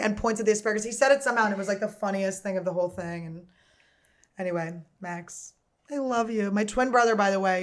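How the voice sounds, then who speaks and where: A woman in her thirties hosting a comedy podcast, telling rambling stories in casual chat, crude and joking. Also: mid-range voice. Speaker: podcast host.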